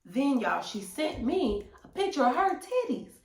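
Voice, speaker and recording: A young woman telling a storytime to her viewers in an animated, slangy way. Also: high-pitched, normal speed, echoey room. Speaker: vlogger. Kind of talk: storytime vlog.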